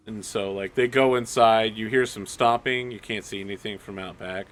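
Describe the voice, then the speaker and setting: A man's voice: fairly low pitch, fairly even intonation, normal speed, few pauses. A man running a tabletop game as game master, narrating casually with lots of fillers.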